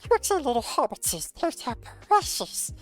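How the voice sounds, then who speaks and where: A man doing an impression of a hissing, obsessive creature, with a breathy, whispery, high voice. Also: big pitch swings, moderate pace, soft background music, low-quality recording. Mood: covetous. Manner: impression done to entertain.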